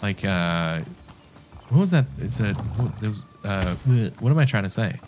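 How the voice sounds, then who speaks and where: A man's voice: fairly low pitch, animated, moderate pace, noisy background. A man giving casual let's-play commentary, rambling, mocking himself and chatting to the game's characters. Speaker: gameplay commentator.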